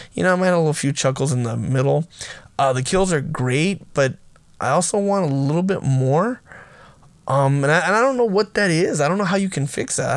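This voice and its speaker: A man's voice: fairly high pitch, no room sound. A man giving a casual, enthusiastic spoken film review, rambling with restarts and laughing often as he talks. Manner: laughs often while talking. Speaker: movie reviewer.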